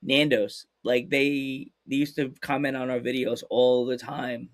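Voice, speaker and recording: A man's voice: mid-range voice, fairly even intonation, a little slow, dry recording, studio quality. A young American man hosting a podcast, chatting casually in a hyperactive, rambling way and laughing often. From United States. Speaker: podcast host. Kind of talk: casual chat.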